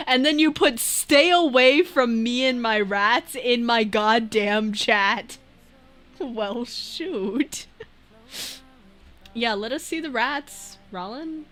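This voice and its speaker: A woman streaming as a VTuber, chatting casually and reading viewer messages, rambling and breaking into loud laughs. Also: sits high, takes it slowly, soft background music.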